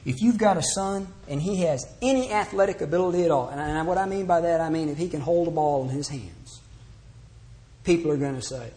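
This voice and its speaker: Man preaching, slightly high voice, earnest, exhorting, quotes scripture. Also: fairly quick, mellow. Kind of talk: sermon.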